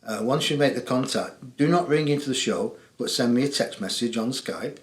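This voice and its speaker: A man's voice: mid-range voice, normal speed, echoey room. An English man hosting a spiritual call-in show, talking to viewers in a chatty, jokey way and laughing often. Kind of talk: casual monologue to viewers.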